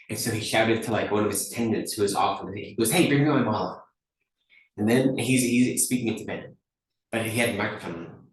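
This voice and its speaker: Lower-pitched male Buddhist teacher, chatty, frequent "right?", distant mic in a booming room with faint hiss. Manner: conversational, often checks in with "right?". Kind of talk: dharma teaching talk. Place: teaching hall at a dharma center. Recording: very echoey room, mic far off.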